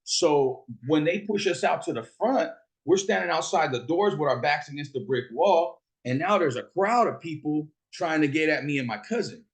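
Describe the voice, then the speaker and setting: A man's voice: fairly high pitch, moderate pace. Man cursing through a story. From Fresno, California. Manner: profane, animated, acts out quoted voices. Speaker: host telling a personal story. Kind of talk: casual storytelling monologue.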